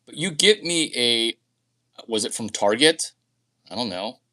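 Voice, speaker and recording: Man, vlogger, rambling monologue, crude and boastful, lively pitch, bright tone. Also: a little slow.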